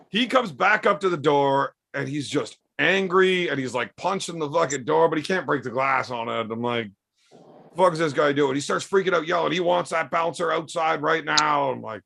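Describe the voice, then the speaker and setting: A man's voice: fairly high pitch, gravelly. A man telling profane bar stories in a casual podcast chat, acting out the voices of the people in them. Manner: animated, acts out quoted voices. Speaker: podcast storyteller.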